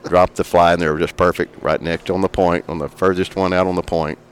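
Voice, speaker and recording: A middle-aged man, a fishing guide who makes flies, telling a lively story in a casual interview and making sound effects as he talks. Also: low-pitched, brisk, slight background noise. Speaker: fishing guide and fly maker.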